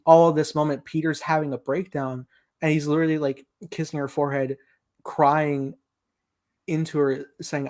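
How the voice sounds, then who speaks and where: A man's voice: on the high side, little pitch movement, moderate pace, a little mellow. A young man co-hosting a casual film review podcast, animatedly retelling scenes and acting out quoted lines. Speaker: podcast co-host.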